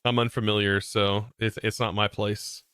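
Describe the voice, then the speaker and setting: Streamer, male, bright and clear, dry close sound, loose rambling chat. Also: lowish voice, flat delivery, moderate pace, no echo. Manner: rambling, with frequent restarts and laughs. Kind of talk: casual gameplay livestream chat.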